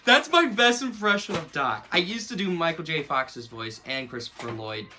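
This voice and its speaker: A man's voice: on the high side, expressive, normal speed, noisy background. A young man in casual, rambling commentary, mocking himself and laughing often as he reviews something he wrote as a kid. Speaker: YouTuber reviewing his own childhood book.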